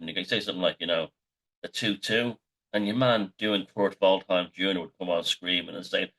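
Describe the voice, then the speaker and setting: A man's voice: deep voice, brisk, a bit bright. A middle-aged man, the host, telling rambling, sweary anecdotes in a casual monologue.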